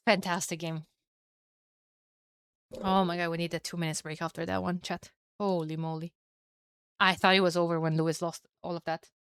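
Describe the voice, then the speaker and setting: Smooth-voiced woman casting a strategy game. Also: fairly low pitch, normal speed, pauses often, no room sound. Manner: chatty, excitable, swears and laughs at herself. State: tired with a headache. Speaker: esports caster. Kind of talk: solo game commentary to a live chat.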